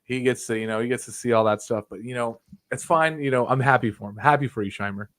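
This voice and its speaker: A man's voice: mid-range voice, fast talker, fairly bright tone. A young man telling a long, profane, rambling wrestling story as a podcast guest. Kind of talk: casual chat.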